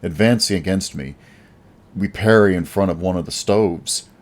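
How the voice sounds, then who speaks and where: Low-voiced male audiobook narrator. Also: moderate pace. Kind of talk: first-person audiobook narration.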